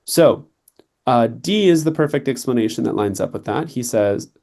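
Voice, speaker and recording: A young man explains reading test answers to a student, checking in with quick questions as he goes. His voice sits at an ordinary middle pitch, and his delivery is relaxed and conversational. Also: gravelly. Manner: conversational, checks in with "right?" and "okay". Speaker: test prep tutor.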